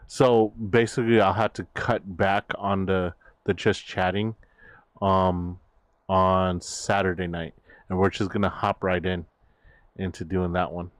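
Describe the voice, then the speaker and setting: A man's voice: low-pitched, dry recording. A man chatting casually on his stream, rambling with many fillers and restarts. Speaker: VTuber streamer.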